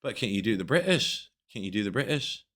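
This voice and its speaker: A man's voice: fairly low pitch, sing-song, a little fast, a bit bright. A man hosting a podcast, trading crude jokes in casual chat. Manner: crude, joking banter. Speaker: podcast host.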